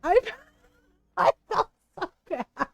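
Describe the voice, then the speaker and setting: A woman with a high, bright-pitched voice rambles through her gameplay as a streamer, giggling often and leaning on "like" and "right?". The sound is close and dry, with no room around it. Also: expressive, slow, vocal fry, no room sound, low-quality recording. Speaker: game streamer. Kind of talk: casual gameplay commentary.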